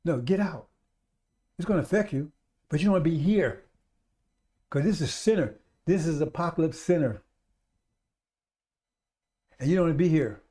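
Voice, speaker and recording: A man's voice: on the high side, lively intonation, normal speed, long pauses, warm tone. A man preaching a radio sermon, emphatic and repetitive, speaking straight to his listeners.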